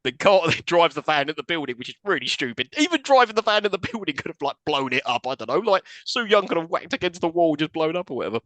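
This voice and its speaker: Animated man recapping a film. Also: on the high side, fast, hardly any pauses, dry recording. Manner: animated, swearing, laughing retelling with quoted voices. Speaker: podcast co-host. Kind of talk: casual film recap chat.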